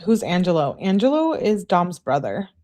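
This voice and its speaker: A woman's voice: fairly low pitch, moderate pace. Chatty woman streamer reading texts. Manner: chatty, animated asides and laughs. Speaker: channel host. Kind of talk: live-stream reading with commentary.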